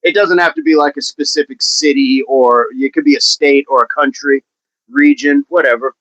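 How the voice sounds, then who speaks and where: A man's voice: on the high side, fairly even intonation, moderate pace, a bit bright. A man coaching fitness on a livestream, talking with viewers in an upbeat, encouraging way and often repeating his phrases. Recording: dull, dry livestream audio.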